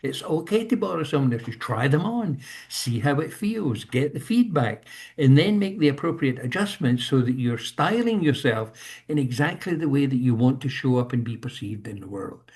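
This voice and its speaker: A man's voice: mid-range voice, lively intonation, moderate pace, a little mellow. A man in his seventies giving an earnest motivational talk on a video call, repeating his key points for emphasis. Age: 70s. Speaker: speaker leading a leadership session.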